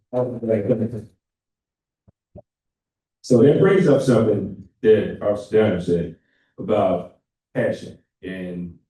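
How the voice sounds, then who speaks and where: A man speaks openly at a memorial about his late father in a plain, conversational way. His voice sits low and dark. The sound comes from a distance and echoes heavily through a large hall. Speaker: son of the deceased, memorial speaker. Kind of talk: personal memorial remarks. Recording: very echoey hall heard from afar.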